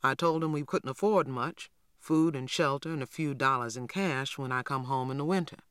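A man's voice: mid-range voice, normal speed, a bit bright, smooth, no room sound, studio quality, lightly acted. A man voicing a plainspoken Southern father in a storybook reading, matter-of-fact. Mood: earnest.

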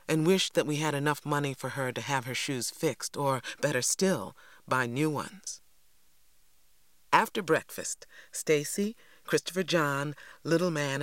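A man giving a measured, unhurried audiobook narration. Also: mid-range voice, fairly bright tone, no room sound.

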